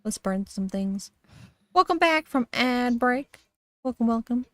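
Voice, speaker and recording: A woman's voice: fairly high pitch, lively intonation, measured pace, dry recording. A woman streamer casually reading a horror story aloud, giggly, with frequent laughs and dry asides.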